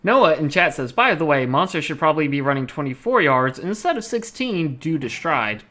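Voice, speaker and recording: A man's voice: on the high side, moderate pace. Southern American man running a tabletop game. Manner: relaxed, muttering to himself while moving tokens. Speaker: game master.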